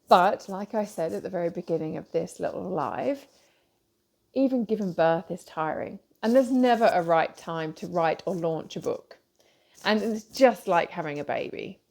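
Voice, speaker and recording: A woman's voice: on the low side, creaky, a little mellow. A woman publisher hosting a casual live talk, rambling with many fillers and self-corrections.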